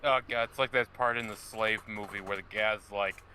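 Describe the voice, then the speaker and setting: A man chatting casually on a game stream, teasing the others with crude quick retorts. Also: lowish voice, steady tone, pushed and bright, a little hiss or hum. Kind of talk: casual chat over a game.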